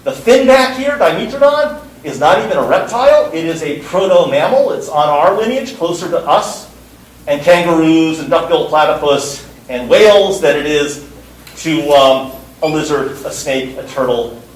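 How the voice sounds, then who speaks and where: Man lecturing, fairly high voice, emphatic and repetitive, roomy echo, slightly distant, faint background hum. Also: moderate pace. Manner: lively, emphatic, repeats words for stress. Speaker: university lecturer. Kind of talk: classroom lecture.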